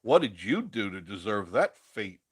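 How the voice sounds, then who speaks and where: Low-voiced man chatting on a live stream. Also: very animated, moderate pace, slightly rough, no room sound. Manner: chatty, rambling, laughs often. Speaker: live-stream host reading viewer comments. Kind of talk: casual live-stream chat.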